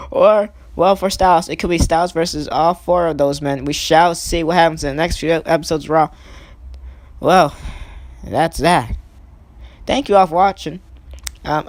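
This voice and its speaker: A woman giving eager play-by-play wrestling commentary over a video game, climbing high in pitch as she counts pins, with chatty asides. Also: dry recording. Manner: excitable, rising sharply on pin counts, chatty asides. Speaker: gaming channel host.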